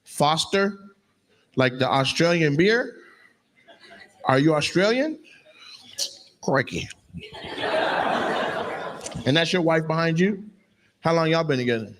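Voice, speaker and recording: Man, stand-up comedian, crowd work, brash profane roasting, higher voice, noisy live room. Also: expressive, slow, pauses often, a bit bright. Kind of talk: crowd work, teasing audience members. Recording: noisy live venue sound.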